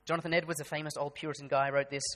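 A male pastor delivers a sermon in a conversational style that rises into emphatic bursts, with church-hall reverb around him. His voice is a little high, level in tone, somewhat bright, and he speaks at a racing pace.

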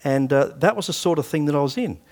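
A man's voice: fairly high pitch, animated, fast talker, darkish tone. A man in his sixties with an Australian accent, preaching a sermon and telling personal stories in a conversational way. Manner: conversational storytelling, acting out past dialogue.

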